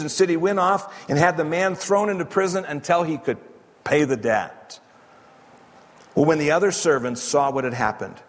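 A man's voice: a little high, long reverb tail. A man preaching a sermon as pastor, telling a parable in a casual, conversational storytelling way and acting out the quotes.

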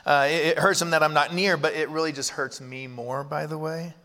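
A man in his thirties preaching a sermon, animated and acting out prayers and Bible voices. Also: fairly high pitch, brisk. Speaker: pastor. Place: large church hall. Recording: reverberant hall.

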